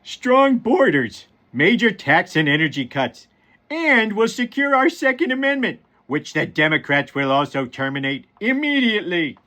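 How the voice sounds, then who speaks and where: Brief: loud, shouty cartoon dad voice, raised and swooping, as a man puts it on. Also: high-pitched, very animated, moderate pace, full character voice. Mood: ranting. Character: Homer Simpson impression reading an angry rant.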